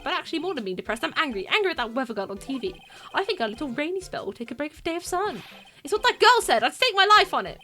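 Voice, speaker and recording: An arrogant, indignant male surgeon from a courtroom video game, as a woman puts him on, ranting with pompous self-importance. The voice sits high and sounds bright and sharp. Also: very animated, very fast, exaggerated voice.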